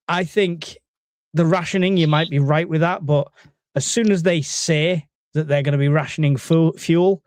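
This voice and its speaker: A man's voice: fairly high pitch, steady tone, a little slow, a little mellow, dry recording. A man co-hosting a casual live stream and reading out the chat, joking and hesitant, with many fillers.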